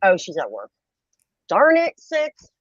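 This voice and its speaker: A husky woman hosts a late-night stream in a giggly, rambling way. Her fairly low voice swoops widely. The sound is dry and dull, like a cheap home mic. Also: huge pitch swings, slow, dry recording. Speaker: livestream host.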